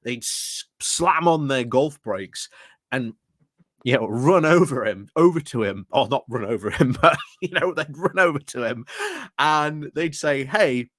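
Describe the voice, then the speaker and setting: A man's voice: medium pitch, a bit bright, dry recording, clean studio sound. A man hosting a commentary channel, explaining things in a rambling casual way with many fillers and restarts. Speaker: political commentary channel host.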